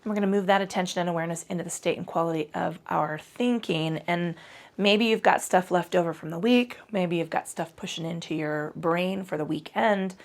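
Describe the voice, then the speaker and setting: A woman's voice: fairly low pitch, brisk. A woman leading a casual yoga class, irreverent and profane, chatty and full of self-corrections. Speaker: yoga instructor. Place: home yoga space on a mat.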